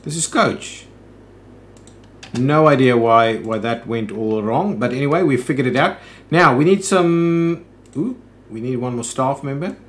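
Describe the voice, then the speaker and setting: A man's voice: medium pitch, moderate pace. A man hosting a let's play, thinking aloud in casual commentary with frequent "ooh"s and "um"s.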